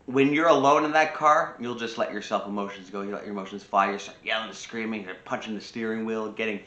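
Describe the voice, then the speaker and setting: Guy giving self-help advice, kinda low voice, earnest and repetitive, echoey room. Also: fast, pushed and bright, lo-fi sound. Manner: earnest, repetitive, lecturing with frequent restarts. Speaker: self-improvement video host. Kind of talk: casual advice monologue to camera.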